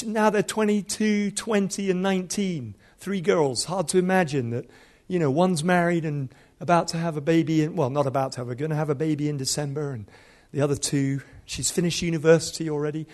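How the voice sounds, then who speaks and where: High-voiced man in his fifties, a preacher delivering a sermon through animated, funny stories. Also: quick pace, hardly any pauses. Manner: animated, humorous storytelling. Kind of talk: storytelling sermon.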